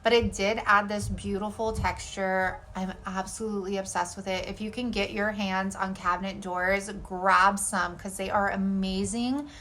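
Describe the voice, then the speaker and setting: A young woman talks through a home-decor craft project in a casual voice-over. Her voice is bright and clear at a middling pitch. She rambles cheerfully and keeps saying "like" and "y'all". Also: steady tone, moderate pace, hardly any pauses, slight background noise. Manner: bubbly, rambling, lots of "like" and "y'all". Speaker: DIY craft channel host. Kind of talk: chatty craft tutorial voice-over.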